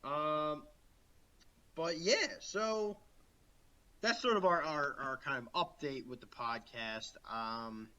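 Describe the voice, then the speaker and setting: A man's voice: on the high side, slow pace, pushed and bright, lo-fi sound. A man co-hosting a podcast, chatting casually and laughing often while recording remotely from home. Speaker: podcast co-host. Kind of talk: casual chat.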